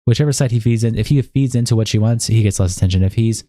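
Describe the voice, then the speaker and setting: Male streamer, rapid, dark mellow voice, blunt and profane, dry close sound. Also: fairly low pitch, dry recording. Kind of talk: live-stream commentary reading chat logs aloud.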